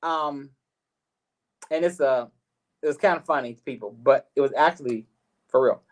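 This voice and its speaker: A middle-aged man hosting a live talk show, telling a personal story in an animated way, repeating words and acting out what others said. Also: medium pitch, moderate pace. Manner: animated, repeats words, acts out quoted voices. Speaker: host.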